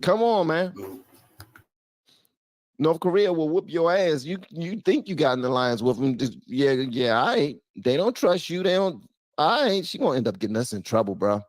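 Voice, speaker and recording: A man's voice: fairly high pitch, lively intonation, moderate pace, no room sound. Brief: man, commentary host, incredulous, voice jumping all over, dry close mic. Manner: exasperated, mocking, swings from loud outbursts to mutters. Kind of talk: reaction commentary.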